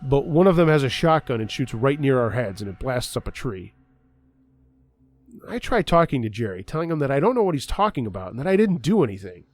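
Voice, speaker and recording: A man's voice: medium pitch, very animated, a little fast, a little mellow. A man narrating a true scary story in a conversational first-person way.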